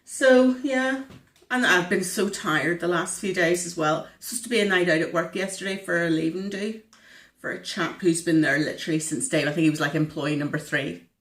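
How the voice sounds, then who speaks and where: A woman, vlogging casually, slightly hoarse and stuffy-nosed, rambling with lots of fillers. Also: on the low side, brisk, a bit bright, reverberant, distant mic. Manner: chatty, rambling, frequent fillers. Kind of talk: casual diet vlog.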